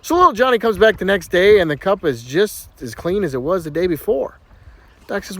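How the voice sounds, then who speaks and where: A man's voice: sits high, lively intonation, fairly quick. A man telling a string of jokes, voicing the characters and laughing at his own punchlines. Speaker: joke teller.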